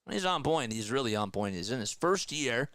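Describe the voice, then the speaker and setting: A man doing live baseball play-by-play for a stream, trading energetic banter with viewers between pitches. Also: a little fast, dry recording.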